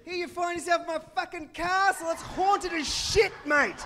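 A man voicing a crude, loud castle owner with a broad Australian accent, shouting and swaggering. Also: very high-pitched, normal speed, background noise, pitched above the performer's own voice. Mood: boisterous.

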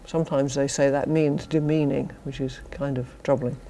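An older woman with a British accent delivers an academic lecture, her voice gravelly with fry and mellow in tone. She talks with dry, wry humour and slips in chuckled asides. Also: rumbling low, little pitch movement, moderate pace. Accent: British English. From Britain. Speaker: philosophy professor giving a lecture. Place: university lecture to a student society.

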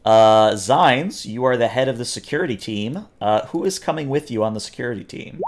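A man runs a tabletop role-playing session as game master. He asks the players questions in a halting way, with frequent fillers. His voice sits at an ordinary middle pitch. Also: animated, background noise. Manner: hesitant, filler-heavy, questioning. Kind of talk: running a tabletop game over voice chat.

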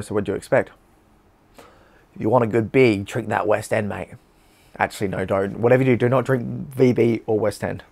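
A man's voice: lowish voice, steady tone, brisk, creaky, a little mellow. An Australian man hosting a casual beer-tasting vlog, chatty and blunt, with slang and swearing.

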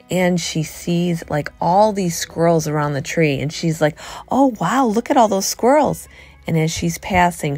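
A middle-aged woman chatting excitedly to viewers as she shops a thrift store, filming on a handheld phone. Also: sits low, creaky. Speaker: vlogger. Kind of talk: casual thrift-store vlog chat.

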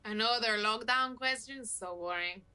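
A woman's voice: on the high side, moderate pace, sharp tone, smooth. An actress playing a playful young woman from Granada with a Spanish accent, teasing her video date. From Granada, Spain. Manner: teasing, playful, laughs often. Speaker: date in a video dating game.

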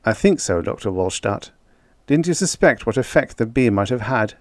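A man's voice: medium pitch, animated, moderate pace, a little mellow, dry recording, close to an everyday voice. A man voicing a mild, earnest male genius who speaks politely and apologetically.

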